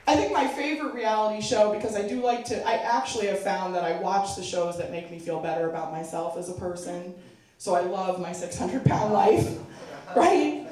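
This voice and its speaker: A woman's voice: mid-range voice, normal speed, darkish tone. A middle-aged woman doing a stand-up comedy set, chatty and self-mocking, laughing at her own jokes. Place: charity event hall. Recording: echoey room, mic far off.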